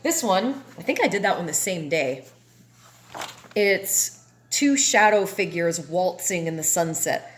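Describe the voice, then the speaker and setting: A woman's voice: lowish voice, expressive, unhurried. A woman artist casually walking through her paintings, chatty and candid as she explains each one. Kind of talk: casual walkthrough of artworks. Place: home painting space. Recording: echoey room with faint noise.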